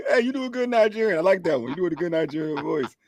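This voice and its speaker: Casting note: upbeat male sports co-host, swooping lively pitch, dry close mic. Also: dry recording. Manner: encouraging, upbeat, quick to laugh. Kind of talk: casual livestream chat.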